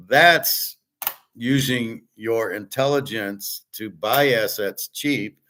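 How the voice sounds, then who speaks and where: A man's voice: mid-range voice, a bit bright. A man commenting on a video clip in a blunt, dismissive way, swearing often. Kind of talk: casual reaction commentary.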